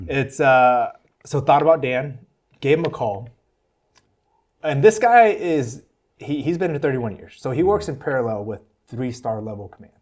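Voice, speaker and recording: An American man appears as a podcast guest to share his testimony, speaking casually and earnestly in a mid-range voice at normal speed. He tells it with animation, acting out the voices of the people he quotes.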